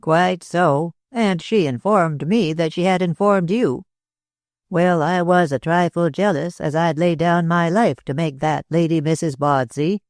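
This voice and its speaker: A man voicing a talkative older man with an American accent, speaking slowly and dryly in a drawl. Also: fairly high pitch, no echo. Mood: cool. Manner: drawling, slow and dry.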